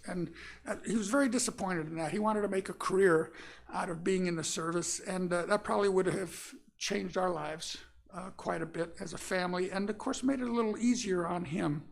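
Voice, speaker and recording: An older man from Florida, a minister giving a personal storytelling sermon in a relaxed, folksy way, pausing often with fillers. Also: high voice, creaky. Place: church sanctuary.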